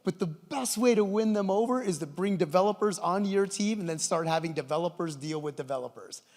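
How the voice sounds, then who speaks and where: Middle-aged man, conference presenter, enthusiastic storyteller, higher male voice, long hall reverb. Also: brisk, darkish tone. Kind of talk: conference keynote talk.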